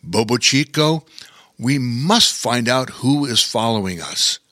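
A man voicing a big, cold and tired bear king in a children's story, steady and protective. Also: mid-range voice, slow, no room sound, studio quality. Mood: determined. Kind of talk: storybook character voice.

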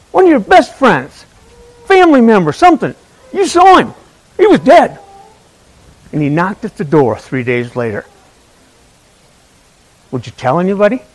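Lively, high-voiced male preacher. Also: slightly rough, poor audio. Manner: conversational, asks the congregation questions; tells a personal story with humor. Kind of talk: Easter sermon.

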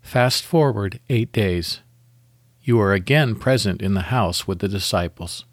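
A man hosting a devotional podcast, leading a guided meditation and prayer in a calm, measured, deliberate way. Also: on the low side, no room sound.

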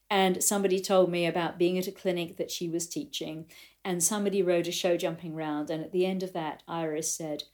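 An older woman, a riding coach, giving a reflective talk to riders and telling stories in a thoughtful way. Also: fairly low pitch. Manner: thoughtful, storytelling, animated quotes.

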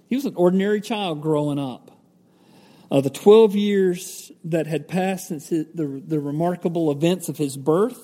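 Mellow-voiced man preaching in an echoey hall. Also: a little high. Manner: conversational, with fillers and self-corrections. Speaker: pastor. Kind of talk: sermon, Bible teaching. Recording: echoey hall with long reverb.

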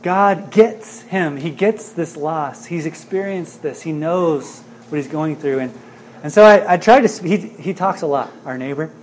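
A man's voice: on the high side, measured pace, slight background noise. Earnest conversational male pastor preaching. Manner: conversational, earnest, uses "right?" and "man". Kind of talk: sermon.

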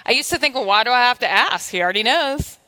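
A woman's voice: fairly high pitch, animated, quick pace, sharp tone. A woman preaching a sermon in a church, telling stories animatedly and acting out her own dialogue with God. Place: church sanctuary. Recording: long hall reverb.

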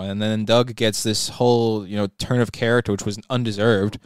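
A man's voice: medium pitch, fairly even intonation, fairly quick, hardly any pauses, darkish tone, clear, resonant tone, dry recording, clean studio sound. A young man co-hosting a podcast, opinionated and swearing casually as he talks. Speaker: podcast co-host.

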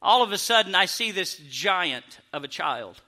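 Bright-voiced comedian. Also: male voice, sits high, normal speed. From Arkansas, US. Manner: animated, laughing, self-mocking. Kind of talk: stand-up storytelling.

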